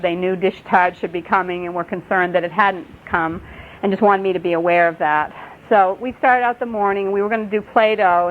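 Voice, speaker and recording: Earnest woman telling stories at a workshop. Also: mid-range voice. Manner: storytelling, gentle and earnest. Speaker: workshop presenter. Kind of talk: parenting workshop talk. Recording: dull lo-fi webcast audio, faint noise.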